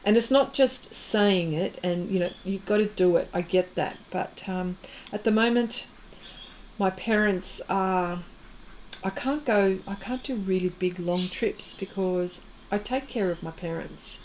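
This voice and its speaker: A middle-aged woman with an Australian accent talks casually to her livestream viewers. Her speech wanders, with plenty of fillers and false starts, at an ordinary pitch for a woman. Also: measured pace, a little mellow, a little hiss or hum. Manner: rambling, chatty, many fillers and restarts. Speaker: artist livestream host. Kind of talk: casual chat with live viewers.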